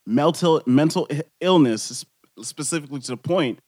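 A man's voice: fairly high pitch, a little fast, no echo, clean studio sound. A man co-hosting a podcast, explaining things in a casual but emphatic way. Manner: animated, explains facts with emphasis. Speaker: podcast co-host.

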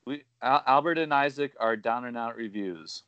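A man's voice: mid-range voice, moderate pace, fairly bright tone, clear, resonant tone, no echo, highs cut off. A man co-hosting a podcast, joking and playfully insistent in casual chat. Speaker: podcast co-host.

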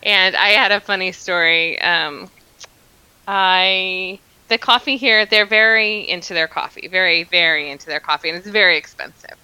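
A woman's voice: lowish voice, normal speed, bright, forceful tone, clear, resonant tone, no room sound, low-quality recording. A woman from Oregon with an American accent, chatting as an interview guest, telling stories and laughing often. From Oregon, United States. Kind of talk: casual conversation.

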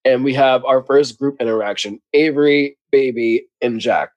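A man's voice: mid-range voice, moderate pace, no echo, lo-fi sound. Chatty man recapping a show, dry sound. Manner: chatty, laughs often, acts out quotes. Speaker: podcast co-host. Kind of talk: casual recap chat.

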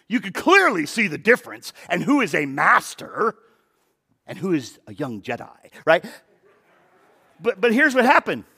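A man preaching a sermon as pastor, animated, with rhetorical questions and repeated words as he starts his sentences. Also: high-pitched, breathy edge.

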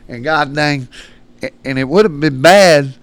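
A man's voice: a little high, a little slow, dry recording. A man, a podcast guest telling rambling, folksy stories and laughing through them. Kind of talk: casual storytelling.

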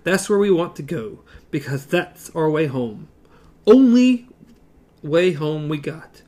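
A reader doing a fearless young woman who talks plainly and firmly. Her pitch rises and falls with spirit. She is polite but will take no nonsense. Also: lively intonation, slow, warm tone. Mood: defiant. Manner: firm, plain-spoken.

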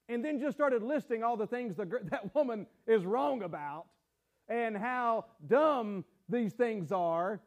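A man's voice: very high voice, unhurried. A man preaching a sermon as pastor, telling folksy stories and acting out the voices of the people in them. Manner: folksy storytelling, acts out quoted voices.

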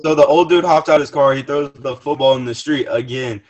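A man's voice: medium pitch, a little fast, a little mellow, muffled recording. A young man, a podcast guest, telling a profane, rambling story in casual chat with many restarts. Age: young adult.

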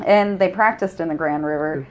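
A woman co-hosting a casual true-crime podcast, telling stories in a joking, animated way and swearing freely. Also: deep voice, moderate pace, lo-fi sound. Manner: profane, joking, animated storytelling. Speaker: podcast co-host.

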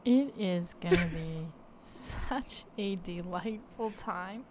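A woman's voice: fairly low pitch, slow, heavy background noise. A woman co-hosting an improvised comedy podcast as a park ranger, speaking in an overly earnest, formal way.

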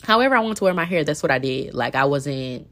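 Low-voiced young woman telling a candid story. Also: expressive, fast, fairly bright tone. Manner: candid, indignant, chatty with frequent fillers. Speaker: podcast host. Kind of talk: casual storytelling monologue.

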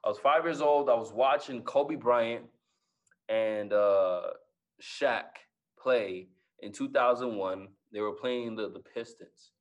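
A man's voice: mid-range voice, slow pace, muffled recording. A man in his twenties, a guest speaker telling motivational stories with lots of energy. He repeats his phrases and keeps asking the audience "right?". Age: 20s. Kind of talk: motivational storytelling.

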